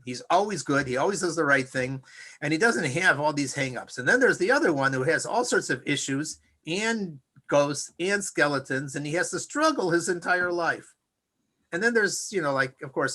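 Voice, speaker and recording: A man with a bright, forceful voice and a slightly high pitch teaches an informal Torah class. He talks in a loose, conversational way, full of restarts, and slips into the voices of the people in his story. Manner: conversational, acts out quoted characters; frequent fillers and restarts.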